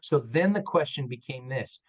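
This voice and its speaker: A rough recording captures a mid-range male voice at a moderate pace. The speaker, an orthopedic surgeon on a panel, tells candid, self-deprecating stories and animatedly acts out the dialogue in quotes.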